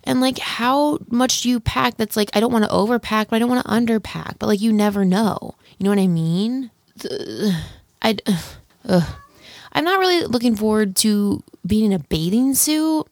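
A woman's voice: a little high, normal speed, no room sound, studio quality. A young woman hosting a podcast on her own, rambling and chatty, full of self-deprecating asides. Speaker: podcast host. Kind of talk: casual solo podcast chat. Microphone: studio microphone.

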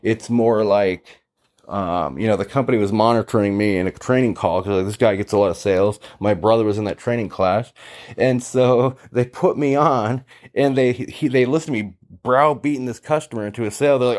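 A man with a somewhat low voice tells his story in a loose, chatty way, full of fillers. He jumps into the voices of the people he quotes. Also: normal speed, darkish tone. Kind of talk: casual storytelling monologue.

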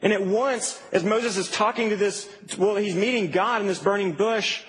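A man delivers a conversational, animated sermon in a church hall, full of asides. His voice sits fairly high for a man. The long reverb of the hall and a faint background hum surround him. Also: normal speed. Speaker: preacher.

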